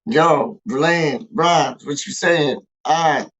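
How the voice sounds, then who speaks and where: A man's voice: fairly high pitch, takes it slowly, a bit bright, muffled recording. A man hosting a casual fan livestream, rambling hype talk packed with street slang. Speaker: fan channel host.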